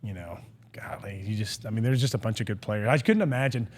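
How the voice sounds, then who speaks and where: A man's voice: fairly low pitch, fairly quick, a little hiss or hum. A man in his forties, a former college football player, telling stories as a podcast guest in a casual chat, acting out quotes and laughing often. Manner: animated storyteller, acts out quotes, laughs often.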